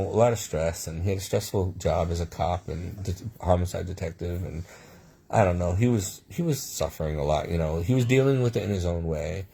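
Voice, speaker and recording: Low-voiced guy rambling through his life stories, mellow and husky. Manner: rambling, with frequent restarts and asides. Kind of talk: personal storytelling monologue.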